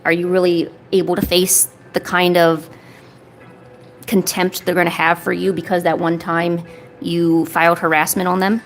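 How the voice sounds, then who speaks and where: A woman's voice: lowish voice, slight background noise. A woman art streamer chatting casually while she works on a paper craft, rambling along and filling her talk with "you know" and "like".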